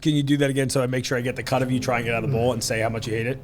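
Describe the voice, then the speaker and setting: A man's voice: mid-range voice, rapid-fire, noisy background. A man hosting a casual podcast, taste-testing snacks with friends and joking around. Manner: jokey, animated, puts on silly voices. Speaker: podcast host. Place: indoors in a store.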